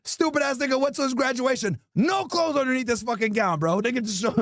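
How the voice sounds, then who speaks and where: A man hosting a podcast, loudly and profanely roasting people with mocking, animated comedy. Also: very high voice, fast, no echo, clean studio sound. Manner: loud, mocking, animated, swears constantly. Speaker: podcast host.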